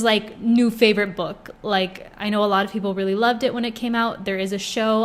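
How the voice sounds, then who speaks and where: A young woman in casual chat reviewing books, gushing and chatty, with many fillers. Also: mid-range voice. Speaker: book vlogger.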